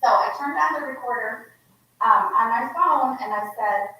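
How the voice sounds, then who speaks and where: A woman's voice: a little high, moderate pace, pushed and bright. A woman in her forties from Laos, speaking unscripted as a guest author at an event and telling a heartfelt personal story in a conversational way. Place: indoor museum exhibit event. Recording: echoey hall from far off.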